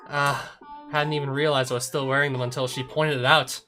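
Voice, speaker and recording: A man's voice: mid-range voice, little pitch movement, a little fast. A man narrating a visual novel, reading the hero's tense inner monologue. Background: background music.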